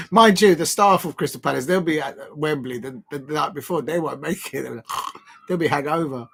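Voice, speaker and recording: A man chats through a relaxed live stream in a voice pitched a touch high. He rambles from one thought to the next with jokes and cheerful mock grumbling. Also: normal speed, gravelly, slightly rough. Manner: rambling, jokey, prone to mock moaning. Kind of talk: casual live-stream chat.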